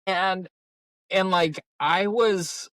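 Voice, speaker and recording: A man's voice: high voice, very slow, fairly bright tone, no echo. A man in his thirties co-hosting a podcast, talking in a casual, rambling way and telling stories full of "like" fillers. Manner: rambling storyteller, many "like" fillers. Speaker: podcast co-host. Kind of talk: casual conversation.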